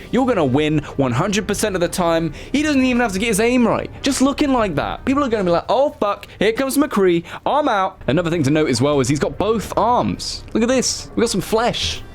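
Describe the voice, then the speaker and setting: A man giving casual, excitable commentary as a gaming YouTuber. He swears freely and jokingly scolds himself as he talks. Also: fairly high pitch.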